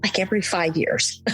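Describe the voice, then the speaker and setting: This older woman has a medium-pitched, sharp-toned voice, captured on a rough recording. She's an interview guest opening up about her late mother in an emotional, conversational exchange, now and then laughing through her tears.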